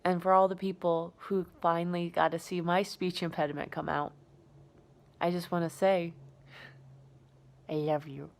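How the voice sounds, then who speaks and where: A woman performs a personal monologue in a sincere, reflective tone. Her voice sits a little low. She speaks steadily and plainly. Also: little pitch movement, normal speed, poor audio. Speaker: actor performing an original monologue.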